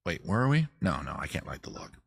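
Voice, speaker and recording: Low-pitched and creaky, the man speaks at a quick pace and is very animated. He hosts a loose, profane comedy stream from a home studio, skipping between bits and asides in front of a streaming setup with cameras.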